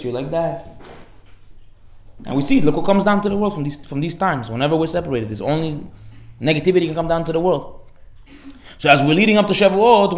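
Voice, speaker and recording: A man giving a sermon as a rabbi, animated, acting out the voices in his stories. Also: on the high side, echoey room. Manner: animated storytelling, acts out dialogue.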